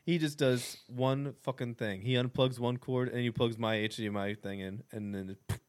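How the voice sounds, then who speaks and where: A man in casual podcast chat, recounting a story with lots of swearing. He acts out the quotes in animated bursts and laughs between lines. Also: medium pitch, moderate pace, clean tone.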